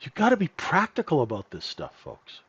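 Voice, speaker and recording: A man's voice: a little high, wildly swooping pitch, a little fast, fairly bright tone, husky. A man teaching live in a trading room, blunt and emphatic, tagging sentences with "right?". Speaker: trading mentor. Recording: dull lo-fi stream audio.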